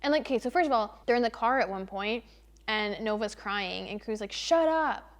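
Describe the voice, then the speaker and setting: A young woman vlogger chatting casually through a book review, animated and exasperated, leaning hard on "literally" and "like.". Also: mid-range voice, fairly quick. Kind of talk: casual spoiler-free book review chat.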